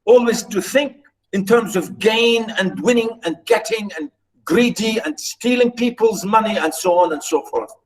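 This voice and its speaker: A man's voice: high voice, lively intonation, normal speed, recorded from a distance, low-quality recording. A man lecturing on literature, who repeats and restarts phrases as he explains and points out British pronunciation.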